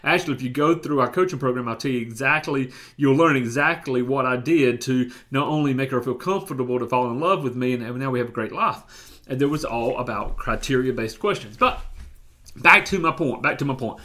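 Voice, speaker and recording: A man's voice: mid-range voice, a little fast, pushed and bright. A man with a Southern US accent giving a motivational coaching talk, emphatic and repeating phrases as he restarts his thoughts. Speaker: life coach.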